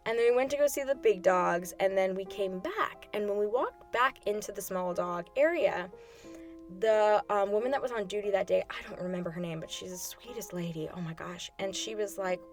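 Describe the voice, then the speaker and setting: Woman, podcast host, chatty storytelling, mid pitch, faint music behind. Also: moderate pace. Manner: conversational, many "like" fillers, quotes others. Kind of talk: personal storytelling.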